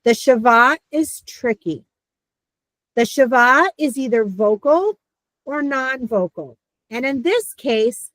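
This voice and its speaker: A woman teaching a beginner class, explaining sounds in a lively, playful way with sudden squeaks. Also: no room sound, low-quality recording. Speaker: Hebrew teacher. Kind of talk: online lesson.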